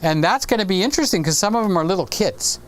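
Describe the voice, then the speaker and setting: Chatty man in his sixties, smooth voice. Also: sits high, expressive, quick pace. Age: 60s. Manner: rambling, chatty, reads viewer comments aloud. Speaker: live stream host. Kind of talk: casual live stream chat.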